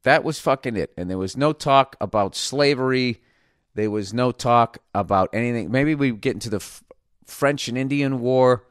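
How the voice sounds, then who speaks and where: A man's voice: medium pitch, normal speed, no echo, studio quality. A man hosting a podcast, rambling through a casual comedic monologue with lots of swearing and sudden mocking voices. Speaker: podcast host.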